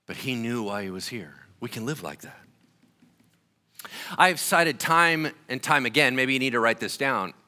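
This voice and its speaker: Male pastor, casual slangy preaching, lively swooping delivery, bright forceful tone. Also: medium pitch. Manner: animated, conversational preaching with slang. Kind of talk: sermon.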